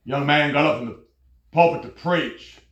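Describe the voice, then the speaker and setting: A man preaching a fervent sermon, telling stories and rising to loud exclamations. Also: fairly high pitch, normal speed, reverberant, dull audio.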